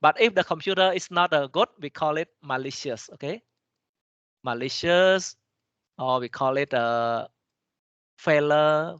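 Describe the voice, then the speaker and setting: A man with a Cambodian accent, a native Khmer speaker, lecturing in a halting way, with many restarts and frequent "okay?" checks to the class. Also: fairly high pitch, a bit bright, smooth, no room sound, lo-fi sound. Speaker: teacher. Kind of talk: lecture explaining slides, switching between English and Khmer.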